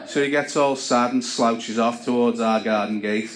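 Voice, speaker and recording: A man doing stand-up, delivering dry, self-deprecating stories through a stage mic. His voice sits at an ordinary male pitch. The club is echoey, and audience laughter keeps rolling in. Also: steady tone, moderate pace, few pauses, a crowd in the background. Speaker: stand-up comedian. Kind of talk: stand-up comedy routine.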